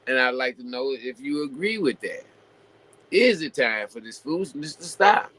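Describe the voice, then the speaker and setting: A man hosting his own show, talking casually and at length, full of "you know" fillers and restarts, building into animated rhetorical questions. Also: medium pitch, moderate pace, poor audio. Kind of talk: casual opinion monologue.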